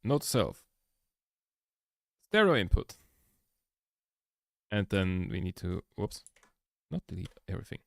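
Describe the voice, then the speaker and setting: Low-voiced man rambling casually. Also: very animated, takes it slowly, gravelly, pauses often, no room sound, studio quality. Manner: rambling, swears a lot, laughs often. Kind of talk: casual chat while editing. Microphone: laptop microphone.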